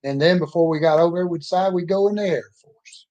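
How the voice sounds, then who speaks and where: A man's voice: on the high side, quick pace, warm tone, lo-fi sound. A man in his sixties telling his life story in a folksy, rambling, plainspoken way. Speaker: storyteller introducing himself. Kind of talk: casual personal storytelling.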